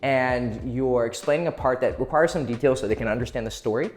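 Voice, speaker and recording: A man's voice: mid-range voice, brisk, a little mellow. A man giving casual dating advice to camera, swearing freely and playfully shifting his tone to demonstrate. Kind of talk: casual advice monologue for video.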